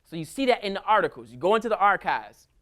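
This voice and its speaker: A man giving a casual history lecture at a school, telling stories in a lively, colloquial way. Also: sits high, quick pace. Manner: animated, colloquial storytelling. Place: school hall with audience.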